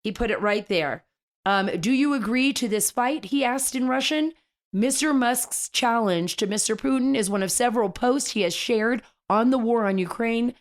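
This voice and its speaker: A woman's voice: on the high side, normal speed. Chatty, enthusiastic woman talk host. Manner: enthusiastic, chatty, many restarts. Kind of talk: casual political radio commentary.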